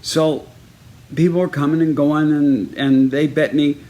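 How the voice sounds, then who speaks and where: A man from Texas telling a story in a casual personal video message, in a lively way, acting out each person he quotes. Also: on the high side, measured pace. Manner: lively, acts out each person in the story with raised, punchy delivery.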